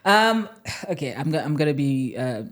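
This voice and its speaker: This is a South African woman whose accent carries a slight American tinge. Her voice sits remarkably low for a woman. She chats casually as a podcast guest, laughing often and restarting her sentences. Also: sing-song, normal speed. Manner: chatty, laughs often, many fillers and restarts.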